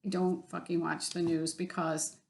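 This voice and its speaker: A woman's voice: fairly low pitch, flat delivery, normal speed, vocal fry, a little mellow. A woman telling a story in a casual vlog, blunt and exasperated, swearing freely. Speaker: vlogger.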